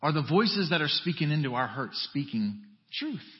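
A fairly high-voiced man preaching in a church sanctuary, talking with his congregation more than at them. He swings from quiet, intimate asides to raised, urgent emphasis. The sound is a bit dull and trails off in a long hall reverb. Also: very animated, normal speed. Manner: conversational preaching with wide swings from hushed to emphatic. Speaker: pastor. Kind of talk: sermon.

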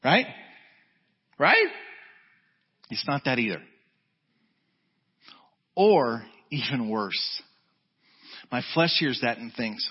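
Emphatic man preaching a sermon, husky voice. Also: very animated, slow, pauses often. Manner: emphatic, rising to high urgent peaks then dropping low and quiet. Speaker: pastor. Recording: dull lo-fi sound.

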